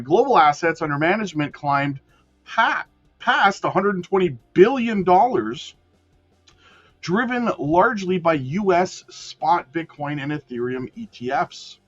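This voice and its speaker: A man's voice: high-pitched, fairly bright tone, highs cut off. Man reading crypto news, casual asides. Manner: addresses viewers as guys, frequent self-corrections.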